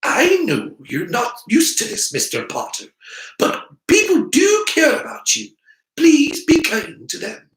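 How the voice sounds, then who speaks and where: A man's voice: very high-pitched, huge pitch swings, a little slow, fairly bright tone, reverberant, pitched above the performer's own voice, heavily acted, poor audio. A man voicing a strict older witch professor with a precise, clipped Scottish accent. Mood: stern.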